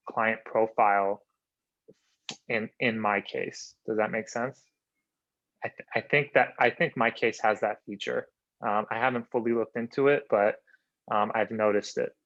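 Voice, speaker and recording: A man's voice: on the low side, steady tone, a little slow, a bit bright, dry recording, muffled recording. A man chiming in on a video call to share tips, hesitant, with many fillers and restarts. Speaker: attendee lawyer.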